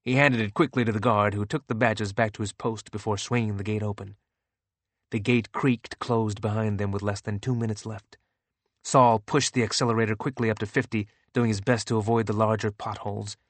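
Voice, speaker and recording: A man narrating a novel as an audiobook in a steady, even reading. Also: on the low side, brisk, no room sound.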